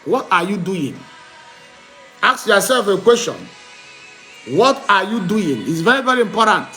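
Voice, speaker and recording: A man preaching a sermon, teaching with slow, emphatic repetition and asking the listeners questions he answers himself. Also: high voice, big pitch swings, bright, forceful tone, soft background music. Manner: repetitive call-and-response teaching, asks "what?" and answers; slow, emphatic delivery with drawn-out words.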